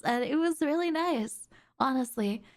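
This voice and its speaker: A woman's voice: high-pitched, lively intonation, unhurried. Bubbly, giggly young woman streamer. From Netherlands. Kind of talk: casual chat.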